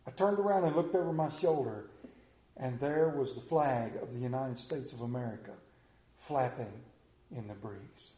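A man's voice: medium pitch, moderate pace. Folksy man preaching in an echoey church. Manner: folksy storytelling, swings from hushed to animated. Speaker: pastor. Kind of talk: sermon. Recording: echoey room.

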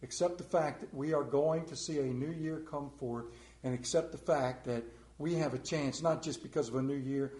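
A man preaches a sermon in a mellow, warm voice. His delivery is dramatic and emphatic, swinging from loud stresses to hushed lines. A roomy echo surrounds him in the church. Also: mid-range voice, steady tone, moderate pace. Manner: dramatic, emphatic scripture reading with wide swings in loudness.

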